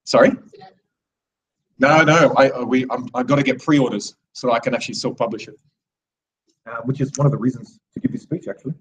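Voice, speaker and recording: A man's voice: medium pitch, fairly even intonation, fairly quick, long pauses, fairly bright tone, recorded from a distance, slight background noise, low-quality recording. A man in his thirties giving a rambling, digressive live speech to an audience, with many restarts. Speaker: speaker at a live event.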